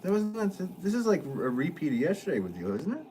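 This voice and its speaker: A man's voice: medium pitch, sing-song, brisk, darkish tone, a little hiss or hum. A man, a potter, chatting casually and playfully with his livestream chat while he works. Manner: playful, joking, answers chat. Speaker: potter streaming live.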